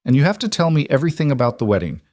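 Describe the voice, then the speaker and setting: A man's voice: medium pitch, very animated, racing, darkish tone, no echo, clean studio sound, voice pushed up, lightly acted. A man voicing a bouncy, bossy eight-year-old girl who talks eagerly and with total certainty. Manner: eager, matter-of-fact, insistent.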